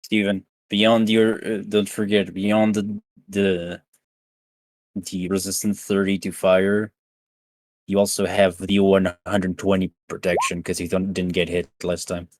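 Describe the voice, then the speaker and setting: A man's voice: low voice, level tone, unhurried, dry recording. A man playing a tabletop game, talking through the rules at length. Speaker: player.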